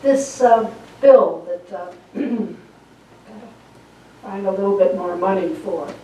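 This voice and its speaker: A woman minister preaching and leading spoken affirmations in a church. She talks slowly and deliberately and repeats key phrases for emphasis. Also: medium pitch, mellow. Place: church sanctuary. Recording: echoey room, voice from far off the mic.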